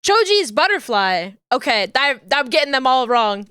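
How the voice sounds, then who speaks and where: A woman's voice: sits high, very animated, moderate pace, bright, forceful tone, clean tone, no echo, studio quality. A woman streamer chatting casually while she works, thinking aloud and correcting herself as she goes. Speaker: streamer rigging a 3D model. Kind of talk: casual chat while working.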